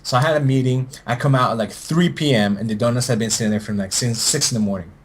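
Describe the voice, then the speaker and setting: A man's voice: mid-range voice, fast talker, slightly rough. A young man from Peru telling stories in casual chat, acting out dialogue and swearing a lot. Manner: animated storyteller, swears a lot, acts out dialogue. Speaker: podcast guest. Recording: faint background noise.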